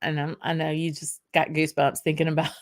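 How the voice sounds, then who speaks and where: A woman's voice: sits low, flat delivery, fairly quick. A woman with a Southern US accent hosting a casual whisky livestream, chatting loosely with lots of ums and laughs as she answers viewer comments.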